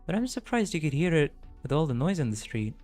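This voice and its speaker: A man streaming a game, reading its dialogue aloud and reacting with excitable, rambling restarts. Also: fairly high pitch, fast talker, soft background music.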